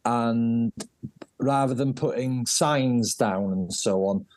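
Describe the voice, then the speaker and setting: A man, a race director telling stories as a guest in a casual interview, jokey and animated. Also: medium pitch, slow pace. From North Wales.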